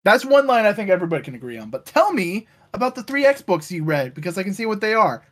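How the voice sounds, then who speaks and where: A man's voice: high-pitched, big pitch swings, quick pace, fairly bright tone. A man casually recapping a comic book issue on a podcast, acting out the characters' lines with lots of "uh" fillers.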